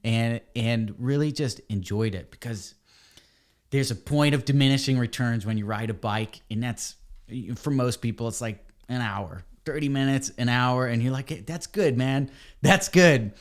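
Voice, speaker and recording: A man, a podcast guest, telling a story in a casual, animated way and calling people dude and man. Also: medium pitch, normal speed. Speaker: podcast guest, ebike company cofounder.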